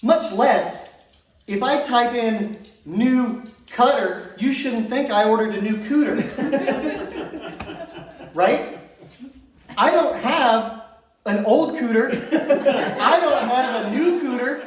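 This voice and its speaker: A high-voiced man doing stand-up in an echoey club, heard from a distance off the stage mic. He tells his story in a loose, self-amused way, with crude punchlines. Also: takes it slowly, pauses often, a crowd in the background. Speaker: stand-up comedian. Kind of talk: stand-up comedy set. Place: comedy stage before a laughing audience. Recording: echoey club room, voice from far off.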